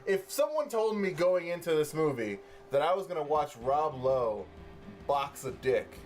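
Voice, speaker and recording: A man co-hosting a casual movie review podcast, relaxed and full of fillers, swearing freely. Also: fairly high pitch, unhurried, soft background music. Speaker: podcast co-host.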